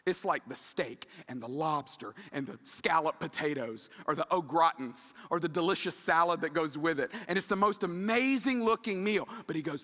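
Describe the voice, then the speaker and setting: A middle-aged man preaching a sermon in a church, conversational and animated, acting out quoted asides. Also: on the high side, normal speed, hardly any pauses, in a large hall. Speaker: pastor. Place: church sanctuary.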